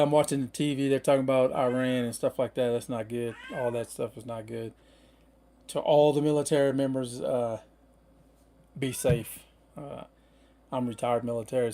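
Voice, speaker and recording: A man's voice: mid-range voice, gravelly, warm tone. A middle-aged man hosting a casual livestream, rambling in a laid-back way with lots of fillers. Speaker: van-life livestream host.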